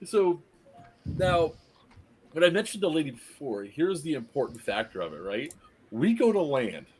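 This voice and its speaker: A man's voice: on the high side, very animated, normal speed, faint music behind. A man telling a story in casual chat, acting out the quotes and laughing often. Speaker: podcast host telling a story.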